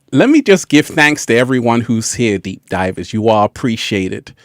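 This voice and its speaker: A man's voice: medium pitch, no room sound, studio quality. A man hosting a casual livestream who laughs often and repeats his phrases. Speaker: livestream host.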